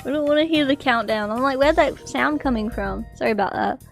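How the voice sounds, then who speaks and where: A high-pitched woman streams live, reading a text aloud and breaking off often to chat with her viewers. She gets loud and excitable, with quick bursts of apology and exclamation. Faint music plays under her voice. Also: gravelly.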